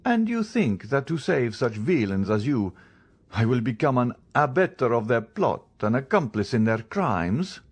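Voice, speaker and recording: A man's voice: medium pitch, sing-song, measured pace, breathy edge, pitched above the performer's own voice. A man reading the part of a stern, commanding count disguised as a priest, questioning in an audiobook. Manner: commanding, interrogating.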